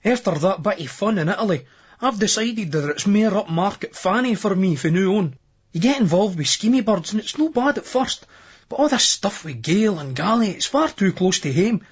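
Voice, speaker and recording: A Scottish man reads a first-person novel in a brisk, earthy dialect, with lots of swearing. His voice sits high and a little husky. The remastered recording sounds dull and lo-fi. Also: lively intonation. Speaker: audiobook narrator.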